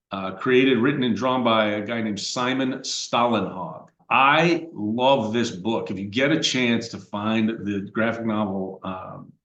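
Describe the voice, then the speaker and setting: A man's voice: medium pitch, a bit bright. A middle-aged American man hosting a podcast, talking in a casual, rambling way with frequent fillers and restarts. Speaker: podcast host. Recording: roomy echoey room.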